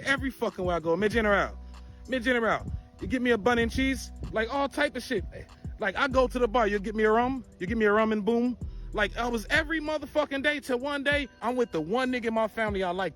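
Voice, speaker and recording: A man telling a profane, animated story time and acting out the people in it. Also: very high voice. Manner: profane, animated, acts out quotes.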